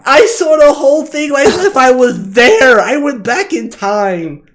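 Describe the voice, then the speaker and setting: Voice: sits high, very animated, measured pace. A podcast co-host in casual chat, reacting with dramatic, theatrical flair.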